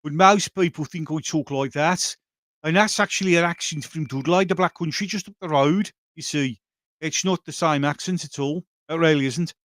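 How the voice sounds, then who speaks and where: A man's voice: on the high side, normal speed, a bit bright, no echo, clean studio sound. A middle-aged man with a Birmingham accent, hosting a casual livestream chat, blunt and bawdy, often laughing. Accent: Birmingham (Brummie). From England. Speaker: livestream host reading chat.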